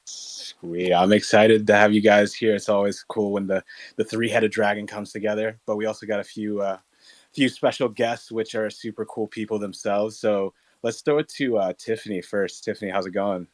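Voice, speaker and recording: A man hosting a casual online audio chat, upbeat and relaxed, with frequent fillers and restarts. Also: on the low side, moderate pace, no echo. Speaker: host.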